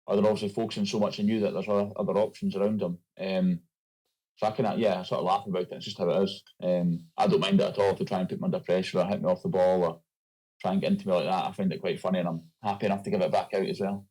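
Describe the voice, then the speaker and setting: Scottish sports guest, young man, low-ish voice, rapid relaxed chat, lots of fillers. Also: slightly rough, low-quality recording. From Scotland. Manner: laid-back, loose, with many fillers. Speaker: guest, rugby player. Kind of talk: casual interview chat.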